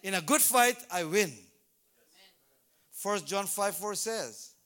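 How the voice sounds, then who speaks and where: A man preaching in church, his voice pitched high and ringing bright. He tells the story with animation, acting out the scenes as he goes. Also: expressive, slow pace. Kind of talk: sermon. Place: church service.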